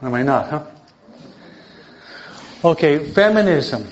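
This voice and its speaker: An older man, a priest teaching an adult catechism class in a lively sermon style, emphatic and often checking in with his listeners. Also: a little high, takes it slowly, a little hiss or hum. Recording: dull lo-fi recording.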